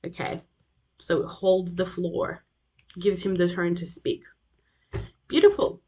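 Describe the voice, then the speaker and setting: A woman's voice: lowish voice, level tone, slow pace, a little mellow, breathy edge. A young adult woman with an Australian accent, a tutor explaining a lesson over slides, with fillers and frequent checks like "okay?". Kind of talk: recorded lecture over slides.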